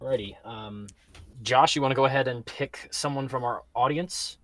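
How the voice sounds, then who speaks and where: A man's voice: medium pitch, moderate pace, fairly bright tone. A man hosting a casual online panel, easygoing and joking. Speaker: panel host.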